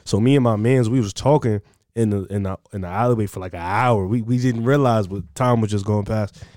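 Young man, slangy animated storyteller. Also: lowish voice, fairly quick, no echo, clean studio sound. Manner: animated slangy storytelling, acting out other people's lines. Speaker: podcast co-host. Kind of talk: casual chat.

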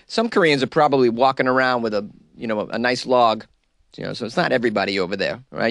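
A man's voice: mid-range voice, fast talker, creaky, fairly bright tone, no room sound, clean studio sound. A male talk radio host giving casual, wisecracking commentary on news stories. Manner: wisecracking, laughs at his own jokes.

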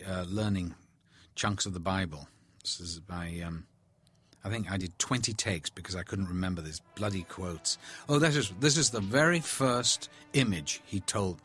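A man, an actor commenting on a film, telling candid stories in an animated, chatty way. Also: low voice, moderate pace, husky, soft background music. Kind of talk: film commentary, anecdotal chat.

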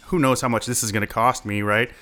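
A young man telling a personal story in a chatty, animated way, full of likes and uhs. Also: medium pitch, fast. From United States. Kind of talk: casual first-person storytelling.

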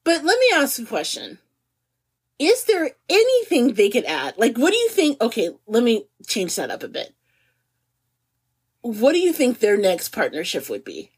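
Woman co-host in her forties, breathy and bouncy in pitch, giggly casual podcast chat. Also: moderate pace. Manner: animated and giggly, laughs often.

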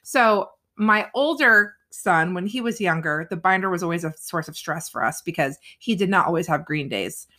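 A woman's voice: fairly low pitch, expressive, normal speed, hardly any pauses, bright, forceful tone. A woman in her thirties, co-hosting a casual chat and rambling along with lots of fillers. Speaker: podcast co-host.

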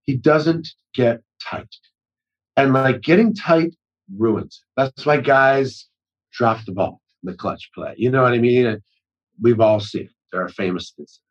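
A man's voice: medium pitch, unhurried, lo-fi sound. A middle-aged man talking as a guest in a casual conversation, rambling and often restarting his sentences. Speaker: actor-director guest.

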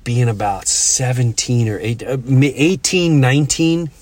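A middle-aged man hosting a podcast, chatting casually and telling stories with halting restarts. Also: mid-range voice, lively intonation, a little mellow, no echo. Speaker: podcast host. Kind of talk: casual chat.

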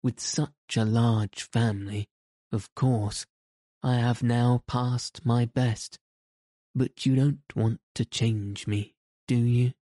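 A man's voice: mid-range voice, steady tone, slow pace, warm tone, no room sound, studio quality. Wendy, a man reading as a prim girl. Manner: prim and earnest. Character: Wendy, a prim earnest young girl playing mother.

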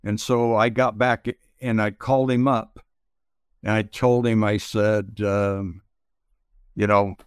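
Slow-talking older man, smooth voice. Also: on the low side, level tone, no room sound, studio quality. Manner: halting, many pauses and fillers. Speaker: interview guest, retired pitcher. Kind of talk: slow reflective storytelling.

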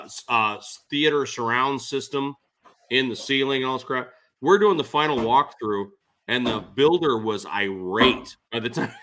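A man chatting casually as an interview guest, an animated storyteller who laughs often. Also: medium pitch. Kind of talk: casual chat.

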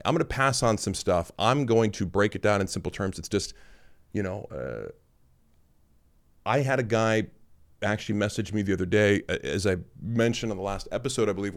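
A man around forty hosting a podcast, talking in a blunt, sarcastic and casual way, with offhand fillers. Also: fairly low pitch. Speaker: podcast host and lifting coach. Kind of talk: casual monologue.

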